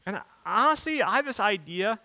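A male pastor preaching a sermon in a casual, conversational way with slang asides, moving between loud emphatic bursts and quiet reflective stretches. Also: high-pitched, expressive, moderate pace, no room sound.

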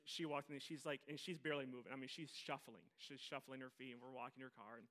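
A pastor from Minnesota preaching in a conversational, animated way with self-mocking humor. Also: male voice, medium pitch, quick pace. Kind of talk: sermon storytelling.

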